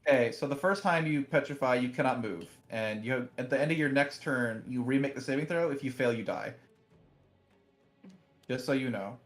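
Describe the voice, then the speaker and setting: A man's voice: mid-range voice, brisk, reverberant, soft background music. A man narrating as game master in a tabletop game, casual and swearing.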